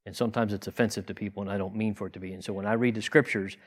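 A man's voice: fairly low pitch, fairly even intonation, very fast. A man giving a conversational sermon, earnest and plain-spoken, asking rhetorical questions and often restarting his sentences. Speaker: teacher in a congregation.

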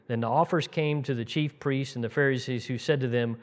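A man preaching a conversational sermon, retelling Bible scenes in an animated way and acting out the voices in them. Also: medium pitch, a little fast. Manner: animated, acts out quoted voices, chuckles, restarts sentences. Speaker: preacher teaching the congregation.

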